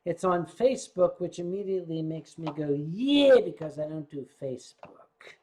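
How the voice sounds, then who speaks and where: A man's voice: a little high, fairly even intonation, moderate pace, warm tone. An older man hosting a livestream, tipsy from drinking and rambling along with stammers and swearing. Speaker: livestream host.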